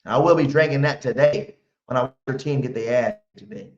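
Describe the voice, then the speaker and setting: A man's voice: mid-range voice, brisk, a little mellow. Fan-stream host, male, brash trash talk, roomy muffled audio. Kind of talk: live pregame fan stream.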